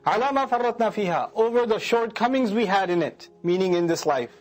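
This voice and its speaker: A middle-aged man giving a lecture that explains scripture, animated, acting out emotions and reciting Arabic verses. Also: high-pitched, fairly quick. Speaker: Quran lecturer.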